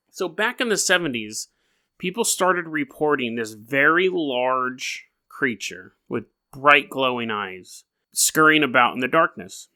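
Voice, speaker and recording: A man's voice: medium pitch, bright, forceful tone. A young adult man hosting a podcast, telling a story casually with rambling, jokey asides. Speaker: podcast host.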